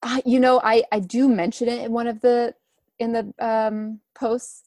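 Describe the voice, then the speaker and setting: A young woman in her twenties, a guest in a casual interview, talking in a relaxed, chatty way with many fillers. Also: on the high side, a little slow, no echo, studio quality. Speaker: guest, runner and food blogger.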